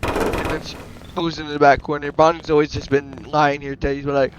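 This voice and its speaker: Guy rambling through a made-up toy fight story, kinda high voice, clicky background noise. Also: brisk. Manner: rambling, excited, trails off and restarts; breaks into loud silly character voices. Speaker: toy play narrator. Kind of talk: improvised toy story narration. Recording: noisy home recording with clicks.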